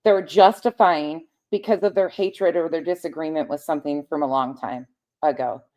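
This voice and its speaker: A woman with a lowish voice chats casually on a late-night livestream, answering her viewers directly. She gets heated and swears freely, and she paces while she talks. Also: moderate pace, a little mellow. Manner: paces around while talking. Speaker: livestream host reading chat.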